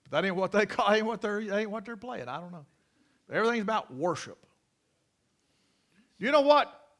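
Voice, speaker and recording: A man preaching a sermon, folksy and emphatic, with many restarts and loud repeated cries. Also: high voice, lively intonation, moderate pace.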